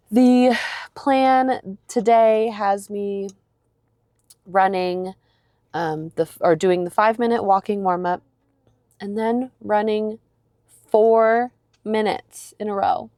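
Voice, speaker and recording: Speaking slowly and pausing often, a woman with a warm, medium-pitched voice chats to her phone camera, held close, from her parked car. She's in her thirties, the recording is dry, and her casual vlog talk is rambling and self-deprecating with plenty of fillers.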